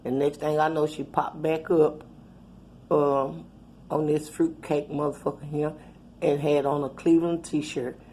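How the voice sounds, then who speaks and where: A woman's voice: deep voice, level tone, a little slow, warm tone, slight background noise. A middle-aged woman telling a rambling, profane, laughing story in casual chat. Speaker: channel host.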